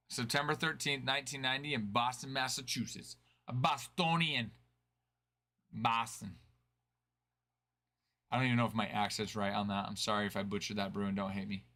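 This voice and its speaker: A man's voice: medium pitch, sharp tone. A man hosting a card break stream, chatting casually and answering viewers' chat.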